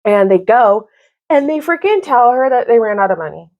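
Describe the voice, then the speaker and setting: A woman in her thirties giving a casual, exasperated book review, talking in an animated way with lots of "like". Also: fairly high pitch, moderate pace, muffled recording. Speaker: book vlogger.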